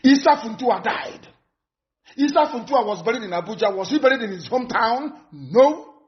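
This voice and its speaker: A man's voice: extremely high pitch, animated, normal speed. A man, a movement leader, giving a live broadcast address in an emphatic, threatening way, repeating his warnings over and over. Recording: dull lo-fi broadcast audio.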